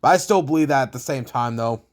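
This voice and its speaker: A man's voice: medium pitch, fast. A young man from Canada giving blunt, profane hockey opinions in a casual, rambling rant full of restarts. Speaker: hockey vlogger.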